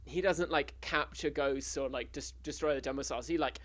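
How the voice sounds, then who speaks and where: A slightly high-voiced English man chats casually and comically. He rambles through a made-up film plot, restarting his sentences and breaking into giggles. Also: fairly even intonation, fairly quick. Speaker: podcast co-host pitching a film plot. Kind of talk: casual comedic chat.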